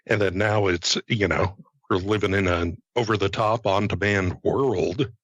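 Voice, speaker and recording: A man co-hosting a casual podcast, rambling and halting with lots of fillers and stutters. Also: deep voice, fairly even intonation, a bit bright, no echo. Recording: dull lo-fi sound.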